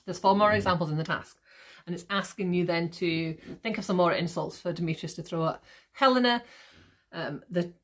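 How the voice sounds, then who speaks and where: Teacher, woman, slightly low voice; casual lesson delivery, drags out words to stress the beat. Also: fairly bright tone. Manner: slow, exaggerated stress when demonstrating rhythm; frequent checking "okay?". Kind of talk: recorded lesson to students.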